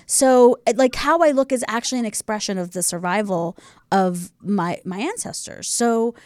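A woman's voice: mid-range voice, moderate pace, a little mellow, no echo, clean studio sound. A woman co-hosting a podcast, talking effusively and openly about her own experience in a casual interview. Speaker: podcast co-host.

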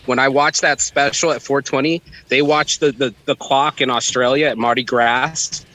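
A man joining a podcast as a guest, chatting in an excitable, enthusiastic way and joking quickly. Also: medium pitch, low-quality recording. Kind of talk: casual chat.

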